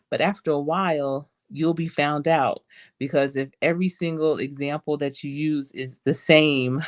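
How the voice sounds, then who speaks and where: A woman's voice: sits low, a little mellow. A middle-aged woman, a career coach, hosting a casual advice podcast in a conversational, encouraging way. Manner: conversational and encouraging, with frequent "you know" and restarts.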